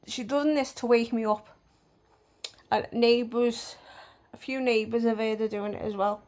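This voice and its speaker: A woman's voice: fairly high pitch, steady tone, measured pace, a little mellow. A woman telling a storytime vlog bluntly, with plenty of swearing. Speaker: vlogger.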